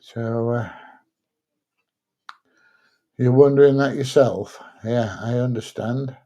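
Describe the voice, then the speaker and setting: A man's voice: mid-range voice, takes it slowly, warm tone. A middle-aged man, chatting casually on a live stream and reading out viewer comments, thinking aloud with plenty of fillers.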